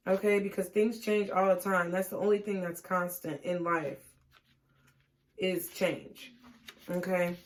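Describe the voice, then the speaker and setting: Woman, tarot reader, gentle, reassuring, casual monologue. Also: medium pitch. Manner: gentle and reassuring, with frequent "okay?" check-ins; casual, laughing and swearing at times.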